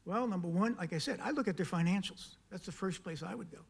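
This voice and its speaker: A man's voice: sits high, fast talker, creaky, slightly rough. A man speaking at a county council meeting, making an emphatic public comment full of pointed questions and repeated key words. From South Carolina. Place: council chamber.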